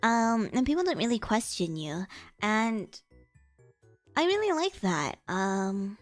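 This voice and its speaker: A woman's voice: very animated, slow, faint music behind. Tired young woman streamer, chatty. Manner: chatty, laughs often, many fillers; switches between a higher voice and her lower natural voice. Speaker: VTuber streamer. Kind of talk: casual stream chat.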